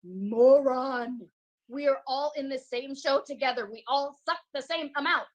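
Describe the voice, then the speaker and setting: A foul-mouthed actress who tears into her castmates over a video call, in a high, biting voice full of scorn. Her insults come out sharp and relentless. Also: measured pace, muffled recording. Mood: contemptuous. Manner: insulting, swearing. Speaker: actor in a Zoom rehearsal.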